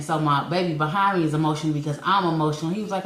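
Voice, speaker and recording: Lively woman in her forties telling a story. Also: fairly low pitch, very fast. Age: 40s. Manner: animated storyteller, acts out quotes, laughs often. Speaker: podcast co-host. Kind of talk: casual storytelling chat. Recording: echoey room.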